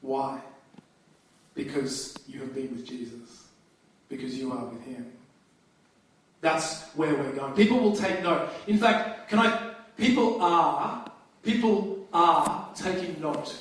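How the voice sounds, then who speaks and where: A man preaching a sermon as pastor, talking in a conversational, lively way with frequent restarts. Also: fairly high pitch, slow, pauses often. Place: church hall. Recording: very echoey hall, distant mic.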